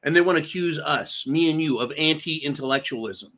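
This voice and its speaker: A man's voice: on the high side, fairly quick, a bit bright. A man hosting political commentary, delivering an angry, profane, sarcastic rant and repeating himself for emphasis.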